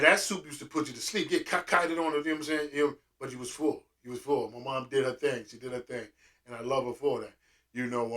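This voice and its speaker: A man's voice: fairly high pitch, bright, forceful tone, distant mic. A man telling stories casually and with animation, full of slang and restarts. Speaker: restaurant owner and vlogger. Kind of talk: casual storytelling monologue.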